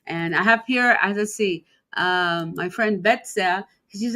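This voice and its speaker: A woman's voice: on the low side, moderate pace, few pauses, bright, forceful tone. A middle-aged woman hosting a live interview, gushing with enthusiasm and laughing a lot. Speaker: interview host.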